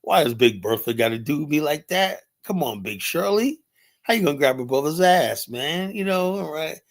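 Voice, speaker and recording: A man's voice: a little high, moderate pace. Profane, laughing man telling club stories. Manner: laughing, profane, animated retelling with quoted voices. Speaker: streaming show host. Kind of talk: casual storytelling monologue. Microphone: streaming setup mic.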